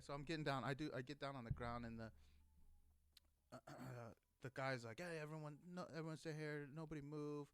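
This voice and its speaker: A former Marine in his thirties tells a casual story, swearing constantly and acting out heated, shouted quotes. His voice is mid-range and the tone is clean, with no echo.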